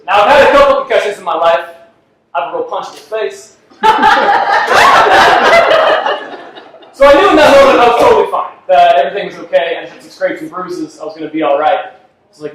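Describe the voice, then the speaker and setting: A man's voice: sits high, huge pitch swings, brisk, pauses often, fairly bright tone. A man performing a self-deprecating stand-up comedy set, laughing at his own jokes on a club stage. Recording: echoey club from far off with faint noise.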